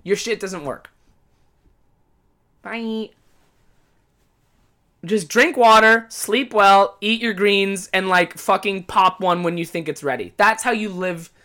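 A man's voice: sits high, slow, pauses often, bright, forceful tone. A man hosting a podcast, talking in a casual monologue, with a profane, exasperated, comic ranting manner. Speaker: podcast host.

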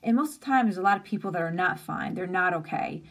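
A woman's voice: lowish voice, animated, quick pace. A woman in her forties hosting a casual live stream, talking earnestly and openly about feelings. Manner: earnest, open and conversational, with emphatic lists. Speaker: host of an inspirational live stream.

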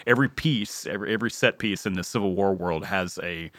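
Podcast co-host, man, low bright voice, thoughtful explainer, dry close mic. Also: fast, no echo. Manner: thoughtful, explains the story's logic at length. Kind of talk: casual episode discussion.

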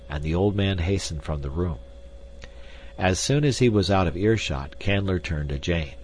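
A man narrating a classic novel as an audiobook, with an expressive, varied reading. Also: sits low, normal speed, breathy edge.

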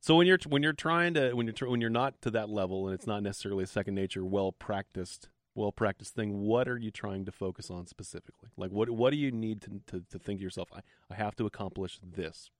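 A man hosting an interview podcast, asking measured questions that he often restarts. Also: fairly low pitch, no echo, studio quality. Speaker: podcast host.

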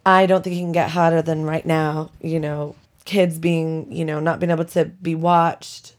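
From her bedroom, a woman hosts her own podcast, chatting casually and wryly and laughing often as she vents in a relaxed solo show. Her voice is low with little pitch movement, at a moderate pace.

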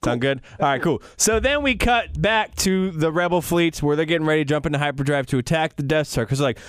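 A young man co-hosting a casual chat, jokey and animated, often acting out lines in silly voices. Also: a little high, fairly quick, clear, resonant tone, no echo, clean studio sound. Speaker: podcast co-host. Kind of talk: casual chat recapping a film.

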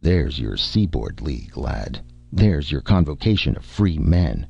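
A man voicing a blunt, scornful barbarian warrior with a husky growl, in a dull lo-fi recording. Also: rumbling low, big pitch swings, measured pace, darkish tone, faint music behind, heavily acted. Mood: gruff, dry. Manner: dry, curt, mocking.

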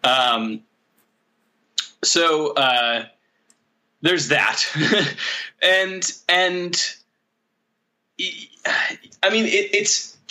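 Bright-voiced man, casual rambling chat. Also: fairly high pitch, extremely slow, pauses often. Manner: rambling, many fillers and restarts, laughs often.

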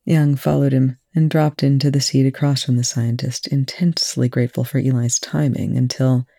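A reader narrating a fan fiction chapter aloud in an even, unhurried way. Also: mid-range voice, vocal fry, no room sound, studio quality. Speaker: audiobook reader.

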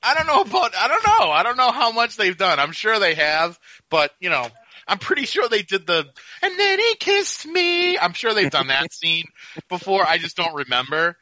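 A man co-hosting a casual wrestling chat, talking animatedly and slipping into quick impressions. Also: high-pitched, expressive, pushed and bright, no room sound. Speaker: podcast co-host. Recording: dull lo-fi sound.

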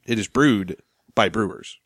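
A man's voice: on the low side, unhurried, breathy edge, no room sound. A man co-hosting a casual podcast, steadily reading out news items with dry replies. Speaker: podcast co-host. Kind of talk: casual chat.

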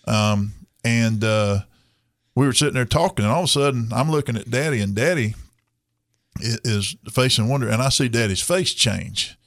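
A man's voice: medium pitch, moderate pace, fairly bright tone, dry recording. A man, hosting a radio talk show and telling a rambling, folksy story with chuckles.

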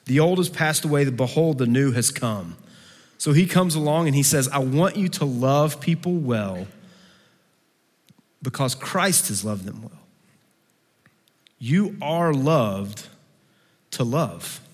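A man preaching a sermon to a campus gathering, swinging between fervent raised passages and hushed, pleading ones. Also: medium pitch, animated, slow, long pauses. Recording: long hall reverb.

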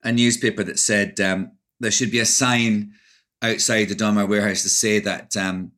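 A man's voice: on the low side, flat delivery, normal speed, fairly bright tone. A middle-aged Scottish man, an actor, reflecting in a casual interview with many restarts.

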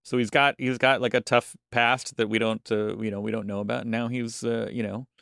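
A man co-hosting a casual podcast chat, halting often and repeating words as he thinks aloud. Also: mid-range voice, flat delivery, vocal fry, fairly bright tone, smooth, no echo, studio quality. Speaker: podcast co-host.

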